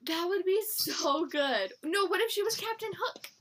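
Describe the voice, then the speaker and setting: A young woman co-hosting a podcast in casual chat, chatty and giggly, with quick asides. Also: very high voice, animated, noisy background. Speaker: podcast co-host.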